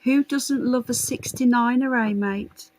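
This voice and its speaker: A woman's voice: on the high side, a little slow, low-quality recording. A woman hosting a live stream, chatting casually with viewers in a blunt, sarcastic and sweary way. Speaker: livestream host.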